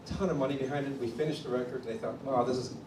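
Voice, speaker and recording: At a drum clinic held in a studio room, a Chicago drummer tells his story interview-style, talking very fast at a medium pitch and animatedly acting out the voices of people he quotes. The mic sits at a distance in an echoey room, and background noise is audible.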